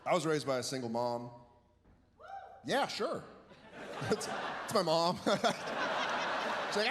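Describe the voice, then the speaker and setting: A young man doing a profane, animated stand-up routine on stage, jumping into exaggerated quoted voices. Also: medium pitch, unhurried, pauses often, crowd noise. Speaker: stand-up comedian. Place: stage before a live audience. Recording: live show with audience noise.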